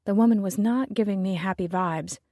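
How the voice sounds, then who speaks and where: A woman narrating a romance audiobook in the first person, with measured, wry storytelling. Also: medium pitch, dark tone, no room sound, studio quality.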